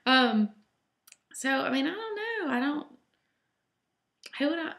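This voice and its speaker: Chatty Southern woman with vocal fry. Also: mid-range voice. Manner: chatty and rambling, with many ums. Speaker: home cook answering reader questions. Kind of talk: casual question-and-answer vlog. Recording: roomy echo.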